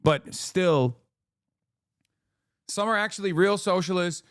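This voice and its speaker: A man's voice: high-pitched, slow pace, clean tone, no echo, clean studio sound. An American man giving heated, profane and sarcastic commentary while reacting to clips. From United States. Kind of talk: ranting commentary.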